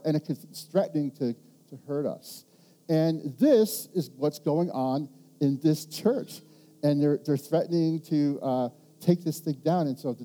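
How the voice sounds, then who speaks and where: A man preaching a sermon, animated and rambling, asking the congregation rhetorical questions and restarting his sentences. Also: a little high. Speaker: pastor.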